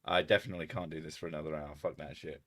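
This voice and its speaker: A man's voice: a bass voice, flat delivery, rapid-fire, fairly bright tone. A man from England with a southern English accent, chatting casually on a livestream, swearing freely and laughing often. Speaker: streamer.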